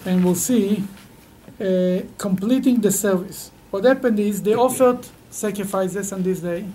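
A man teaching a Torah study class in halting, rising with emphasis as he explains. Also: sits high, mellow, a little hiss or hum.

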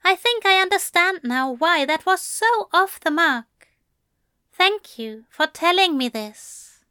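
A fussy, courteous male angel, as a woman reading aloud puts him on, soft-spoken and exact. The voice sits noticeably higher and a touch louder than her narration. It is recorded dry and close. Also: animated, takes it slowly, dry recording, heavily acted. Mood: gentle, coaxing. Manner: polite and precise, murmuring.

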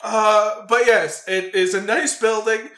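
In an echoey room, a podcast co-host with a high-sitting voice talks slowly during a casual movie review chat. He swears and laughs while animatedly retelling scenes.

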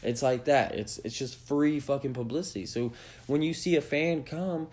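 Here a man with a medium-pitched, darkish voice hosts a podcast, ranting bluntly at his listeners with plenty of profanity. He keeps a moderate pace.

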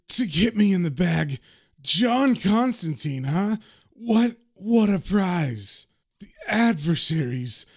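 This is a cocky con man with nothing left to lose, put on by a man reading a comic aloud. He taunts his enemies in an unhurried, mocking drawl. The voice sits a bit high for a man. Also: heavily acted. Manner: mocking, swaggering, slow drawl. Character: cocky dying British con man, defiant.

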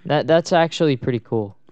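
A man's voice: a little high, normal speed, a little mellow, no room sound. A young man co-hosting a podcast, joking and cutting in with slang during casual chat. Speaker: podcast co-host.

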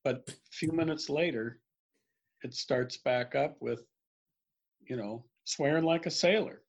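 A man telling jokes in a relaxed, storytelling way, acting out the characters. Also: mid-range voice, measured pace, gravelly. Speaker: joke teller. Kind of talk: casual joke telling. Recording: dull lo-fi sound.

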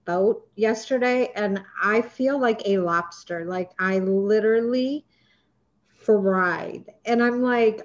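A woman host interviewing guests over a video call, chatty and quick to laugh. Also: medium pitch, lo-fi sound. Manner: chatty, laughs easily, exclamatory. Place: home in Florida.

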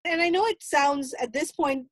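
High-voiced middle-aged woman telling a story. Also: normal speed, dry recording. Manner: emotional, quotes her own past dialogue at length. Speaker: mother recounting a family story. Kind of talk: personal storytelling.

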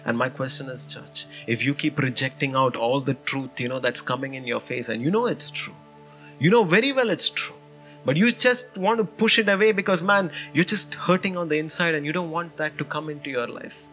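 A man preaching a sermon as pastor, telling a personal story in an animated way with lots of "you know" and "man". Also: a little high, brisk, faint music behind.

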